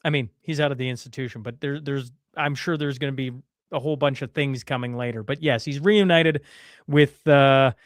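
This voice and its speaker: A man's voice: mid-range voice, steady tone, fairly quick, no room sound, studio quality. A man co-hosting a podcast, reading headlines in a chatty way and calling his listeners folks. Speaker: podcast co-host. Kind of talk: casual news commentary.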